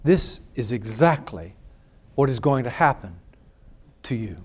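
A man preaching a sermon, reading scripture and swinging from hushed, slow lines to loud, drawn-out emphatic ones. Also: medium pitch, big pitch swings, breathy edge. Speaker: pastor.

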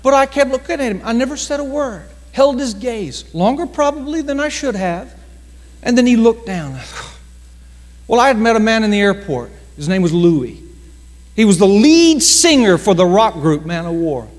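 A male pastor telling a story in a sermon, dramatic, slowing down for emphasis and acting out the voices of others. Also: sits high, expressive, a little mellow, big-room sound. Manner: dramatic storytelling with slowed emphasis and acted quotes.

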